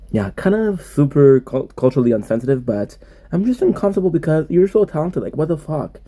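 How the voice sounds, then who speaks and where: A man's voice: fairly high pitch, animated, fairly quick, mellow. A man streaming and chatting casually, joking around in profane, rambling banter. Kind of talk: casual chat.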